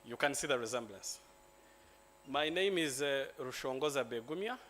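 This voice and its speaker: A Ugandan man, a lawyer, giving a joking, relaxed talk at a conference. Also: mid-range voice, normal speed, slight background noise. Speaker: lawyer and speaker. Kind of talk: symposium presentation. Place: conference hall.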